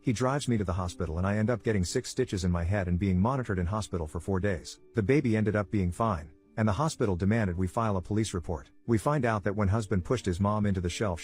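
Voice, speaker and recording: A man narrating a first-person reddit story in a brisk, even reading voice. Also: fairly low pitch, husky. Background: faint background music.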